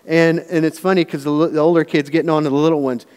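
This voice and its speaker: Middle-aged man, pastor, conversational sermon, somewhat high voice, long reverb of a church hall. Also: little pitch movement, quick pace, darkish tone, clear, resonant tone. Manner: conversational, anecdotal preaching with many restarts. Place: church sanctuary.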